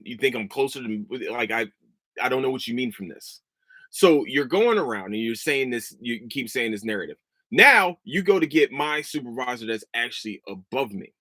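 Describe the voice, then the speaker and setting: A man's voice: medium pitch, fairly bright tone, no room sound, clean studio sound. Profane, heated man in his thirties. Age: 30s. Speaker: podcast host. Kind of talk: casual chat.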